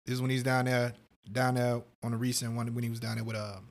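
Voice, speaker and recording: A man with a mid-range voice rattles through his stories at a quick clip, swearing freely. He co-hosts a casual podcast chat and slips into other people's voices mid-anecdote. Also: medium pitch, flat delivery. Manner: loose, profane storytelling with quoted voices and laughs. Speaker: podcast co-host.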